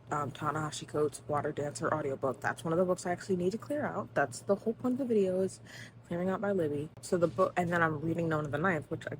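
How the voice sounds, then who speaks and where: Excitable woman ranting about books. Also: low-pitched, a little hiss or hum, rough recording. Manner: excitable, dramatic ranting with swearing. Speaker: book vlogger. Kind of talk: casual reading vlog.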